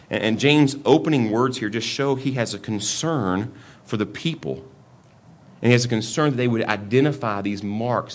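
A man in middle age delivers a sermon with a somewhat low voice. He talks to the congregation casually, restarting phrases and repeating words as he works through his points. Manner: conversational preaching with frequent repeated restarts. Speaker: pastor.

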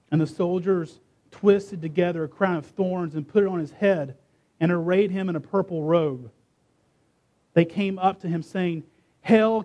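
A man preaching a sermon, reading scripture dramatically and emphatically, slowing and stressing key words. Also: a little high, a little mellow.

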